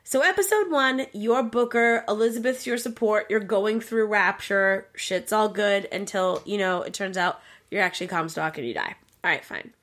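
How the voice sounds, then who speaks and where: A woman co-hosting a casual chat, retelling a game's plot in an animated way with plenty of swearing. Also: medium pitch, normal speed. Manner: profane, animated storyteller. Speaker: podcast co-host.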